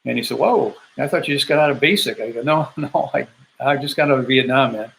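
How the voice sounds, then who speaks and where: A man's voice: medium pitch, a little fast, gravelly, fairly bright tone, a little hiss or hum, poor audio. A man in his seventies from Michigan, a Vietnam veteran casually telling his homecoming story, rambling with fillers and acting out the dialogue. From Grand Rapids, Michigan, USA. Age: 70s. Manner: rambling, acts out quoted dialogue, frequent fillers and restarts. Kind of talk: casual first-person storytelling.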